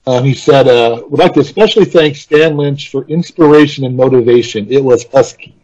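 Husky breathy dude, muffled lo-fi sound, cussing and telling old school stories. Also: male voice, mid-range voice, a little fast, a little mellow. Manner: profane, storytelling, opinionated. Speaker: podcast co-host. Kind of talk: casual music chat. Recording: dull lo-fi sound.

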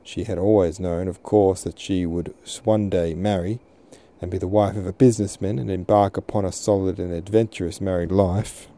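A man narrating a classic novel in a measured reading, now and then correcting himself. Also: low-pitched, steady tone, warm tone. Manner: measured, with occasional self-corrections. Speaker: podcast host and reader.

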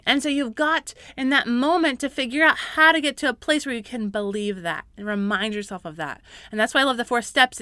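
Bright earnest lady talking parenting and faith on her podcast, dry close sound, gets fired up. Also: on the high side, dry recording. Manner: earnest, encouraging, rising to fervent emphasis. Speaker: podcast host.

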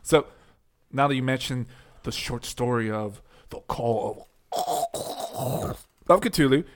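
A man's voice: medium pitch, animated, slow. A man co-hosting a podcast, chatting casually in a laid-back, joking and profane way. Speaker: podcast co-host. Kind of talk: casual chat.

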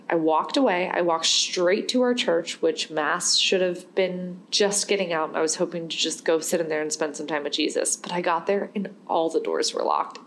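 Candid woman, lowish voice, rambling storytelling. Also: a little hiss or hum. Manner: rambling, candid, laughs while telling. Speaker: podcast host. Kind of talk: casual personal storytelling.

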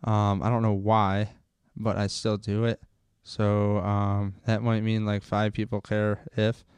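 Casual male podcast host, rambling sports rant, clear voice, dry close mic. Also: on the low side, completely flat delivery, slow, darkish tone, no room sound. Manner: rambling, gets fired up and swears. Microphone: close microphone.

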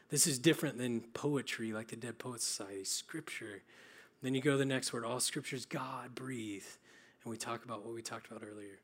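A man's voice: mid-range voice, fairly bright tone. Earnest young man preaching. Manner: earnest, practical, with frequent fillers and restarts. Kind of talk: sermon.

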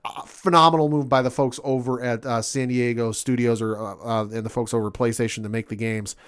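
Recapping sports and gaming news on his casual podcast, a male host rambles enthusiastically and uses lots of fillers. His mid-range voice is smooth and steady, and his pace is brisk.

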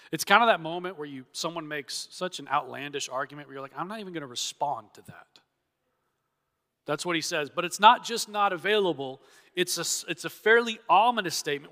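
In a church hall with long reverb, a pastor preaches an expository sermon in a fairly high-pitched, sharp-toned voice. Earnest and emphatic, he acts out the objections he brings up.

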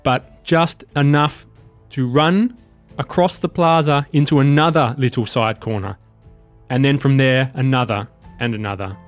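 A man narrating as game master of a tabletop game, easygoing and quick to laugh. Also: medium pitch, soft background music.

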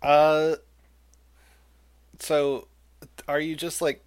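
A man running a tabletop game as game master, narrating in an unhurried, hesitant way. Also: on the high side, flat delivery, clear, resonant tone, no room sound.

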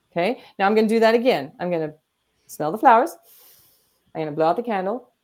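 A woman guest therapist explaining coping techniques in an animated way, acting out what her body and brain say. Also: medium pitch, fast talker. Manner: animated, demonstrates breathing and acts out inner voices.

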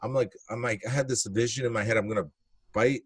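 This man talks fast at medium pitch with a breathy edge, recorded with no echo. He's a comedian guest recounting a wild story in blunt, casual language, swearing freely and animatedly acting out the scenes.

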